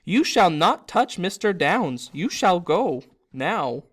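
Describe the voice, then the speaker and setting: A man doing a shrill little house-elf. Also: very animated, a bit bright, exaggerated voice. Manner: shrill, slow and emphatic. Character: shrill excitable male house-elf, small and devoted.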